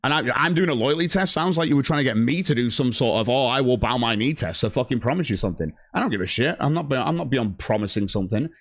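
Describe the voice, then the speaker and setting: A man's voice: medium pitch, lively intonation, fast talker, few pauses, dry recording, clean studio sound. A man ranting angrily on his livestream, swearing heavily and reading out chat messages. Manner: profane, heated, reads chat aloud. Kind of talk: angry stream rant.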